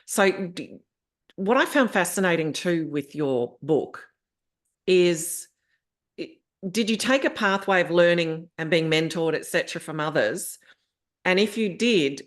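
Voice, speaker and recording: A woman hosting an interview, affirming her guest and asking reflective questions. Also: deep voice. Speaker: host.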